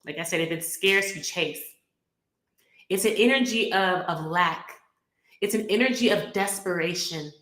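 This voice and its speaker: Bright-voiced woman coaching on relationships. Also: lowish voice, normal speed, reverberant. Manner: earnest, coaching, repeats key phrases. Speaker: relationship podcast host. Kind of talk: casual talk to camera.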